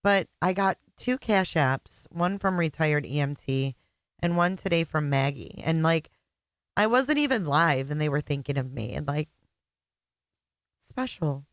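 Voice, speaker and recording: Deep-voiced and lively in intonation, this middle-aged livestream host talks at normal speed with no room sound. Emotional and tearful, she chats casually and greets her viewers one by one by name.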